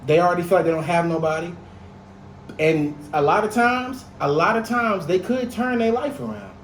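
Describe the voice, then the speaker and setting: A man's voice: high voice, moderate pace, echoey room, a crowd in the background, low-quality recording. A young man co-hosting a podcast, talking in a heated, emphatic and profane way. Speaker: podcast co-host. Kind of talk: casual podcast chat.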